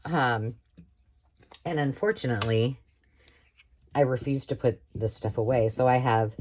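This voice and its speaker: A middle-aged American woman with a slightly hoarse voice, chatting casually while making a craft project. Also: extremely low pitch, measured pace, darkish tone, a little hiss or hum. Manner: chatty, rambling, self-talk while working. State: slightly hoarse, frog in throat. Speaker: crafting tutorial host. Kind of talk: casual craft tutorial chat.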